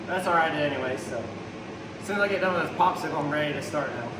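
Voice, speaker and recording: Guy joking around while he works in his garage, pretty high voice, way echoey and noisy. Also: rapid-fire. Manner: laid-back, joking, talks while working. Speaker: host, car builder. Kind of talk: casual shop vlog. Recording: echoey shop, from far off, noisy.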